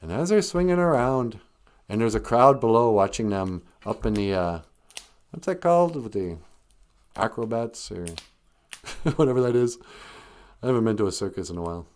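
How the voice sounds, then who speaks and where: Male host telling a comic story, rambling asides, very lively pitch. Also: moderate pace, pauses often. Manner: rambling, jokey asides, frequent self-corrections.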